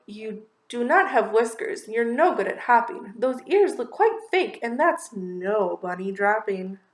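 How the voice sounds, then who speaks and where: A woman voicing a small, kind, bossy male mouse in a storybook, with a squeaky, eager manner. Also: animated, measured pace, reverberant. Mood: advising.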